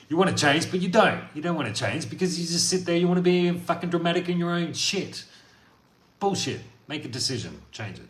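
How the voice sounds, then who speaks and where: A man delivering a blunt, profane motivational monologue as a coach, veering from loud outbursts to quiet talk. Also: fairly high pitch, animated, moderate pace, pauses often. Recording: echoey room with faint noise.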